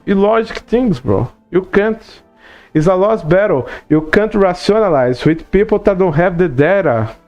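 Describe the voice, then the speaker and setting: A man's voice: a little high, smooth. A Brazilian man speaking English as a second language, with a Portuguese accent, chatting casually on a livestream and ranting with plenty of swearing and "bro" fillers. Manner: profane, animated rant with many "bro" and "you know" fillers. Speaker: streamer.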